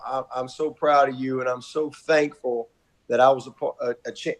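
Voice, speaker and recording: Middle-aged man, college coach type, folksy and effusive, video-call audio. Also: mid-range voice. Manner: warm, effusive, repetitive, folksy. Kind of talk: heartfelt video-call tribute.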